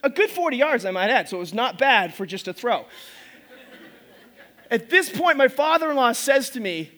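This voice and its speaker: A middle-aged man preaching a sermon to his congregation as pastor, telling stories in an animated, self-mocking way. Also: very high-pitched, normal speed. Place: church service before a congregation.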